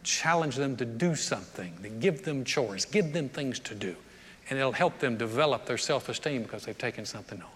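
A man, preaching a sermon, animated and joking, acting out the voices of the people in his stories. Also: mid-range voice, brisk, breathy edge. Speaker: pastor. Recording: long reverb of a large hall.

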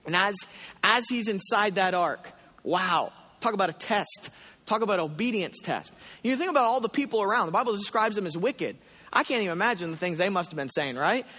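Man, pastor, high bright voice, animated storytelling, echoing church hall. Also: fairly quick. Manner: animated storytelling, voicing his own prayers. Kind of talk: sermon. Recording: long hall reverb.

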